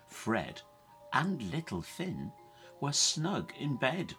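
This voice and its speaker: A woman reading a rhyming picture book aloud in a very low, bright voice. She takes the lines unhurriedly, letting her pitch rise and fall widely with the rhyme. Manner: lilting, expressive rhyme reading. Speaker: storyteller.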